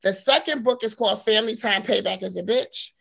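A woman in her forties, an author guest telling her story in casual interview chat, animated and quick to laugh. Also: mid-range voice, vocal fry. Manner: animated storyteller, laughs often, acts out quotes.

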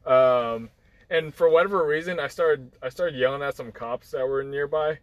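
With a fairly high pitch and normal speed, a young man tells a rambling personal story as a guest in casual chat, full of fillers and restarts, acting out what others said. The recording is dry and rough.

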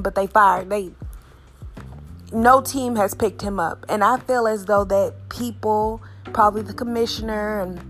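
Woman, young adult, casual rant, blunt, cussing, animated, slightly high pitch. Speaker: vlogger.

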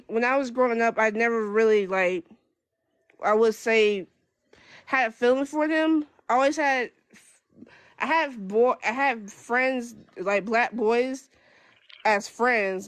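A young woman speaking as a guest in casual chat, with a stutter that breaks her speech into halting restarts. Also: fairly high pitch, fairly bright tone, no echo.

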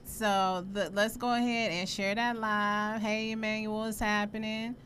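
A woman's voice: mid-range voice, level tone, unhurried, fairly bright tone, slight background noise. Brash, foul-mouthed woman host. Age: 40s. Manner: brash, profane and playful. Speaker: podcast host. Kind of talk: casual live-stream chat.

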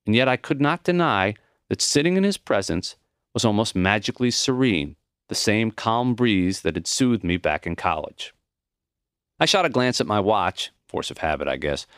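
Lively, reflective male audiobook narrator. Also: on the low side, normal speed, clean tone, dry recording, clean studio sound. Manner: reflective, intimate first-person storytelling. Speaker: author reading his own book.

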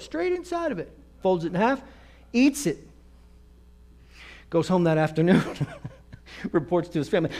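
A man preaching a story-driven sermon, acting out the voices of the people in his anecdotes. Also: high voice. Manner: animated, acts out quoted voices.

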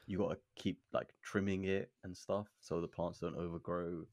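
A man's voice: low voice, level tone, moderate pace, darkish tone, dry recording, studio quality. A man, co-hosting a casual podcast chat and explaining at length with lots of fillers. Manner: laid-back, explains at length with many fillers. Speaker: podcast co-host.

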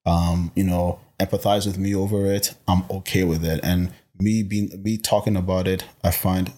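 A young man from Botswana talks as a guest in a relaxed interview, his voice sitting fairly low. He speaks emphatically and with animation, often repeating words as he works out what he means. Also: moderate pace. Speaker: guest, personal trainer. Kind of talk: casual interview chat.

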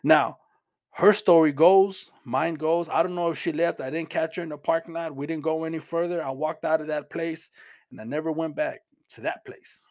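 A man's voice: fairly high pitch, fairly even intonation, moderate pace, a little mellow. A middle-aged man from Houston, earnest and plain-spoken, sharing his Christian testimony as a personal story. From Houston, Texas. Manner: earnest, plain-spoken, repeats words as he goes.

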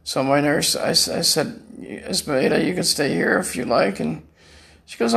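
A man's voice: fairly high pitch, normal speed, vocal fry, fairly bright tone. An older man in chronic pain, rambling through a personal monologue as a podcast guest from a room at home, repeating words and laughing at his own jokes.

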